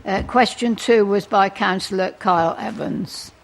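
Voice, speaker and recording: Female mayor as chair, procedural, even middle pitch. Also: creaky. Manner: procedural, measured, with fillers. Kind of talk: chairing a council meeting.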